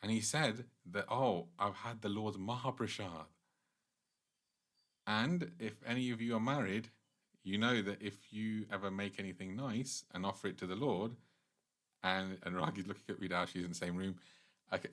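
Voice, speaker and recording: A man giving a casual devotional class, telling a sacred story in a conversational way with light laughs and animated asides. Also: lowish voice, a little fast. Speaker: temple class speaker.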